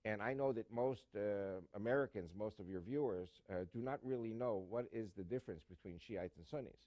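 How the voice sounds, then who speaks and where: A man's voice: on the low side, brisk, mellow, dry recording. A man answering questions as a guest in an interview, emphatic and full of fillers and jokes.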